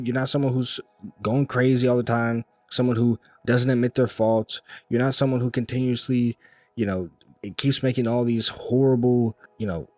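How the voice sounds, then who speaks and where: A man's voice: mid-range voice, a little mellow, dry recording. A man giving a casual, rambling faith-based pep talk, repeating himself and restarting sentences. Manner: rambling, repetitive, restarts often, laughs lightly. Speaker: motivational vlogger.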